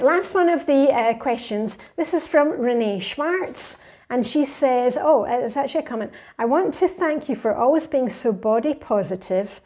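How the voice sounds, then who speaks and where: Woman, fifties, vlogger answering viewer comments, slightly high and mellow voice, chatty and upbeat. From Scotland. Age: 50s. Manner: chatty and enthusiastic, reads viewer comments aloud. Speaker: lifestyle vlogger.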